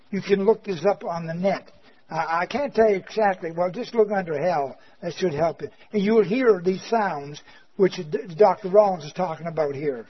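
A man preaching a fire-and-brimstone sermon, firing rhetorical questions and swinging from loud emphasis to near-quiet. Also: high voice, husky, muffled recording. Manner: rhetorical questions, slow emphatic delivery, dramatic swings in loudness.

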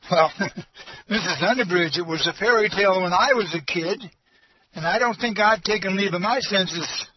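A man pastor preaching a storytelling sermon in a folksy, halting way, full of fillers and repeats. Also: high-pitched, animated, dull audio, a little hiss or hum.

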